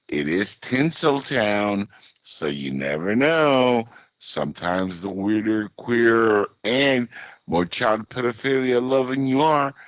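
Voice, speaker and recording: A man's voice: deep voice, no echo, muffled recording. A man hosting a casual online group chat, talking in a blunt, sarcastic, ranting way. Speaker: podcast host.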